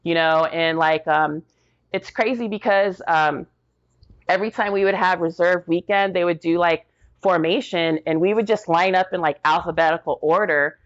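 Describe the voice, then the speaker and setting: A middle-aged woman veteran telling stories casually in an interview, animated and slangy, acting out the voices of the people she quotes. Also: on the low side, normal speed, lo-fi sound. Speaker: military veteran guest.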